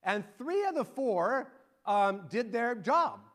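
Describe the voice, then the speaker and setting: A middle-aged man preaching a sermon and telling an animated, excited story to his congregation. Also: very high voice, slow pace. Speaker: pastor.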